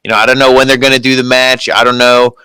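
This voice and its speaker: A man's voice: medium pitch, flat delivery, quick pace, pushed and bright, poor audio. A man co-hosting a wrestling review podcast, chatting in an easygoing, agreeable way. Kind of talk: casual chat.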